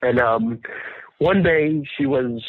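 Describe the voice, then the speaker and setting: A New man with a husky, slightly breathy voice tells stories as an interview guest, earnest and animated. He comes through a tinny, phone-like line with a dry, close sound. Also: medium pitch, slow pace, no room sound. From New York, the Bronx. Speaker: restaurant owner, guest. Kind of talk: casual interview storytelling.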